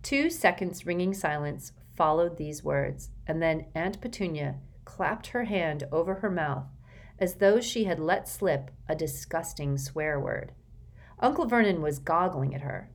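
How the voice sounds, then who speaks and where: Female audiobook narrator, lower voice, measured and steady delivery. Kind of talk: scripted narration.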